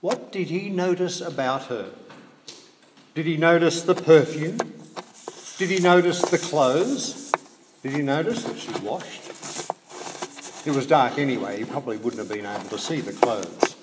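Measured male preacher, echoey hall. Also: a little high. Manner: measured, with rhetorical questions and dry humorous asides. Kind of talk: sermon. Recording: echoey hall, faint background noise.

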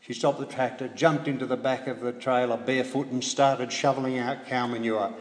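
Measured male preacher, echoey hall. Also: mid-range voice, fairly even intonation. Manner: measured, with rhetorical questions and dry humorous asides. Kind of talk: sermon. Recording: echoey hall, faint background noise.

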